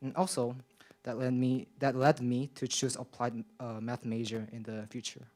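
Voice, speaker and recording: Young man, non-native English speaker, shaky nervous voice, halting speech with fillers, board meeting comment. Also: mid-range voice, flat delivery, darkish tone. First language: not English. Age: young adult. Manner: hesitant, many fillers and restarts. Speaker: public commenter, college student. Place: school board meeting room.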